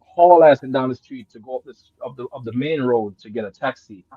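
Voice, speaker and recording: A man who grew up in Jamaica, telling a story in casual chat, swinging between loud excited bursts and low murmurs, laughing and swearing often. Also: brisk, breathy edge, dry recording, narrow, tinny audio. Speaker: guest.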